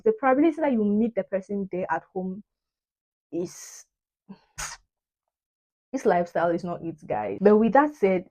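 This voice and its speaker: A young woman from Cameroon talks straight to camera in a loose, chatty way. She sits in the middle of the usual pitch range for a woman and likes to say a point twice for emphasis, with playful asides. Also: low-quality recording. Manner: animated, repeats phrases for emphasis, playful asides. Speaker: vlogger. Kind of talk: casual chat to camera.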